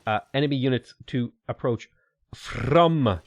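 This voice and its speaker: A man commentating his own strategy gameplay live, chatting and answering viewer questions with sudden bursts of excitement. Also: medium pitch, normal speed, dry recording, clean studio sound. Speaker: game streamer.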